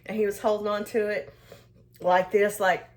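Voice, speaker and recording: A woman chats into her camera like she is telling a friend a story, circling back and restarting her sentences as she goes. Her voice sits at a middle pitch for a woman, and she keeps the tone easy and conversational. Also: little pitch movement, normal speed. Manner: rambling, many restarts and fillers. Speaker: skincare and self-care vlogger. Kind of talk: casual storytelling to viewers.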